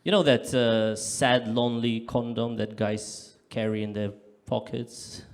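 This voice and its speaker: A man performing live stand-up comedy on a club stage, delivering deadpan punchlines and bursting into loud acted-out voices. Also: mid-range voice, a little slow.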